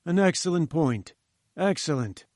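A man's voice: a little high, animated, normal speed, dry recording, clean studio sound, natural voice. A man doing a pompous, lecturing old professor. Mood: patronizing. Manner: condescending, lecturing. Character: pompous, patronizing older male professor. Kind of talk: audiobook reading.

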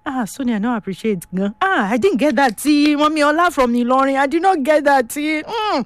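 A Nigerian woman hosts a call-in radio show, reading out listener messages with exclamations and laughter. Her voice sits high and leaps around a lot. The sound is dry and close. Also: brisk, no echo. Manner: lively, exclamatory, laughs often.

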